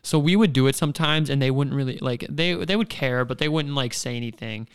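Young man, smooth clear voice, laid-back banter. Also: medium pitch, a little fast. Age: young adult. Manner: laid-back, chimes in with agreement and slang. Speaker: podcast co-host. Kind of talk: casual chat.

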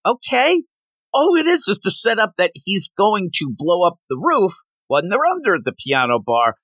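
A man's voice: high-pitched, wildly swooping pitch, normal speed, fairly bright tone, no room sound. A man hosting a comic book podcast, chatting casually and acting out characters' lines in silly voices. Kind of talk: casual chat.

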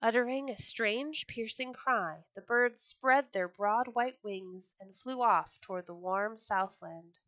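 A woman reading a children's story aloud with an expressive, gentle storytelling manner. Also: on the high side, slow, hardly any pauses, no echo.

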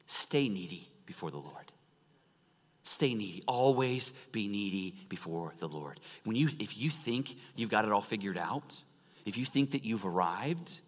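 A man preaching a sermon in a church, animated and storytelling, swinging from loud emphasis to hushed near-whispers. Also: on the low side. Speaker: pastor. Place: church sanctuary. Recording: long reverb of a large church hall.

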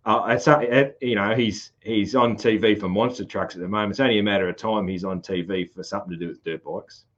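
Man, broad australian country accent, low-pitched, relaxed rambling podcast host, slightly dull lo-fi audio. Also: fast. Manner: relaxed, rambling, laughs often. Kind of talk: casual chat.

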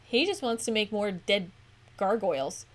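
A woman's voice: medium pitch, lively intonation, moderate pace. A woman co-hosting a podcast, chatting casually and bluntly about a movie with frequent swearing. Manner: blunt, profane. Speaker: podcast co-host.

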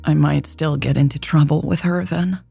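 Earnest, jittery young woman read by a woman narrator; husky, dark voice. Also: sits low, fairly even intonation, moderate pace, soft background music, full character voice. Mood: nervous. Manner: awkward, stammering.

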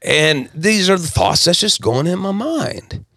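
A man from South Texas, telling his personal story as a podcast guest in an emphatic, animated way. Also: high-pitched, unhurried, gravelly, no echo, clean studio sound.

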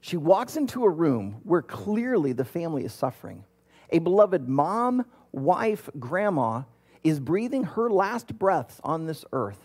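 A man's voice: a little high, big pitch swings, measured pace, a little mellow, husky. A man in his thirties, a pastor, preaching a conversational sermon and telling a story with plenty of fillers and restarts.

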